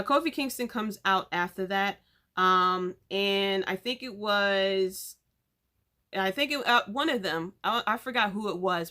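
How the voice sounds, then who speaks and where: Bright-voiced woman rambling casually. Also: mid-range voice. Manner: chatty, rambling with frequent fillers. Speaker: podcast host. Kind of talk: casual recap of a wrestling event.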